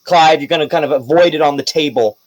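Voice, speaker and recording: Lively male game master narrating. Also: a little high, fast, dry recording, rough recording. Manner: casual, lively storytelling.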